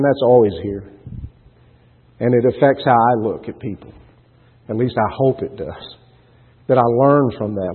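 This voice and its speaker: A man's voice: medium pitch, breathy edge. A middle-aged man from the Texas panhandle, preaching a sermon, telling stories earnestly and building to emphatic points. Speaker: pastor. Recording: tinny radio broadcast with long reverb.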